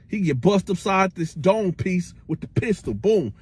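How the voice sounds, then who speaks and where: A man's voice: sits high, expressive, measured pace, slightly rough. A man telling a casual storytime tale in slangy speech, acting out the quotes and making sound effects with his voice.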